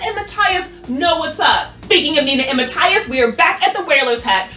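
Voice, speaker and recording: Woman, high bright voice, excitable fan recap, roomy distant sound with faint music behind. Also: moderate pace, few pauses. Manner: excitable, animated, swearing freely. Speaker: recap youtuber. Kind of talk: casual recap chat.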